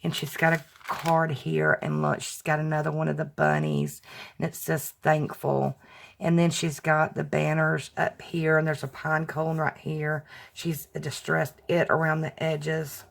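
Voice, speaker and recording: A woman vlogger chatting warmly to her viewers as she opens handmade gifts, gushing and tender as she talks straight to them. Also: low-pitched, measured pace, creaky. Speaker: crafting vlogger opening fan mail. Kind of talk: casual chat to camera.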